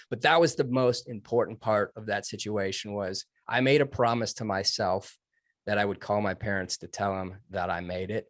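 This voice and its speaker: A man recounting his military training in an interview, earnest and emotional, with halting restarts. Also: lowish voice, no room sound, clean studio sound. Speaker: guest, former Navy SEAL trainee. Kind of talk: personal story told in an interview.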